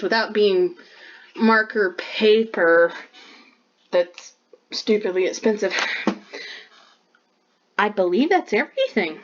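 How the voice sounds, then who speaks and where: A woman's voice: mid-range voice, animated, a little slow, long pauses, dull audio. A woman artist chatting casually while showing her sketchbook drawing, bubbly and full of "like" fillers.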